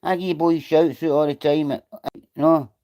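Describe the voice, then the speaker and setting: A middle-aged Scottish man answers viewers on his livestream, reading chat in a casual, blunt way and swearing freely. His voice sits on the high side, with a steady, mellow tone at a normal speed.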